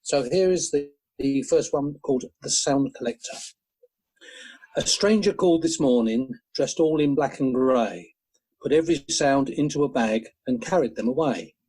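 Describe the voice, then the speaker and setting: A man reciting poems in a measured, gentle way over an online call. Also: medium pitch, slightly rough, poor audio. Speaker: poetry reader. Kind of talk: poetry reading.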